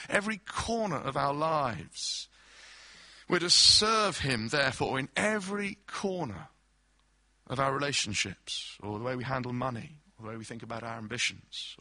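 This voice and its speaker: A man's voice: a little high, pushed and bright, no room sound. A man preaching a sermon, explaining scripture through everyday illustrations and acted-out quotes.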